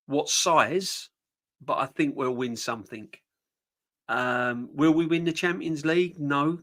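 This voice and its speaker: A middle-aged man hosting a football fan stream, reading viewer comments and answering them in an animated, emphatic way, often repeating his points. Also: fairly high pitch. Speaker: football fan channel host.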